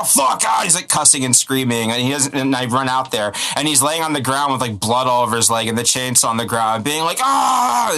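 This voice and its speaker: A man co-hosting a podcast, chatting casually and reading out listener stories, with halting, stammering restarts. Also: mid-range voice, pushed and bright. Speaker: podcast co-host.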